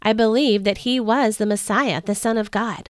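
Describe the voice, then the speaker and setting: A woman hosting a podcast, reading a first-person story in an earnest, expressive way. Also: on the high side, normal speed, dry recording, studio quality. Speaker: podcast host.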